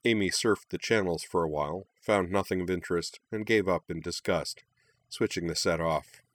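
A man narrating a story aloud in a steady, unhurried way. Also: deep voice, dry recording. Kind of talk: storybook reading.

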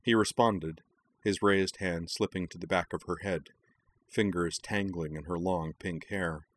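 Male narrator with a deep voice, calm and even, reading a story aloud. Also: a little slow, a little hiss or hum.

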